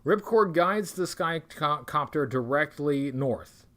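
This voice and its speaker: A man's voice: on the high side, lively intonation, takes it slowly, a bit bright. A man hosting a livestream, reading an adventure gamebook aloud and breaking off for wry, rambling jokes. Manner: wry, rambling, self-interrupting. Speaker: livestream host.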